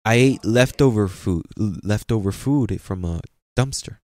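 Man, pastor, sermon, low voice, dry close sound, lively preaching, repeats phrases, frequent amens. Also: unhurried, dry recording. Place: church sanctuary.

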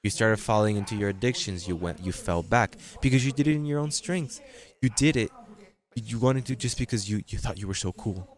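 A man preaching a sermon as pastor, emphatic and repetitive, with halting restarts and sudden jumps in pitch.

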